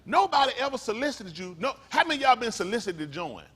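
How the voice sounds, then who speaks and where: High, animated fiery preacher man. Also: fast talker, husky. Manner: fiery, slangy, fires rhetorical questions at the room; swings between low mutters and high bursts. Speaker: pastor. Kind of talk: preaching sermon to a congregation. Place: congregation meeting room.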